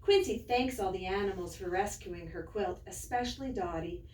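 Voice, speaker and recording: A woman teacher reading a picture book aloud to young children in a slow, sing-song storytelling way, then showing how to write a letter. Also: medium pitch, a little mellow, a little hiss or hum. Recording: roomy, mic at a distance.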